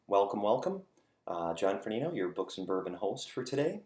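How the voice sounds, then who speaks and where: A man's voice: fairly low pitch, big pitch swings, a little fast, darkish tone, reverberant. A man hosting his own home video series, chatting casually and self-deprecatingly to camera from a dining nook, with plenty of filler sounds.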